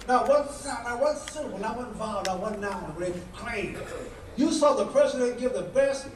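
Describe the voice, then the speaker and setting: A man with an unusually high voice delivers a fiery political speech, hammering his points through repeated rhetorical questions in a preacher-like rhythm. He sounds distant from the mic, his voice ringing around an echoey banquet hall. Faint background sound is heard beneath him. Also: moderate pace, slight background noise. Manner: emphatic, repetitive rhetorical questions, preacher-like cadence. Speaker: guest speaker at a political dinner.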